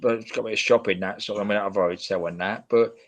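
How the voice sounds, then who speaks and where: Guy recounting his day, keeps repeating himself, lowish voice, dry close sound. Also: steady tone, quick pace, dry recording. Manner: hesitant, repeats words. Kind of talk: casual chat.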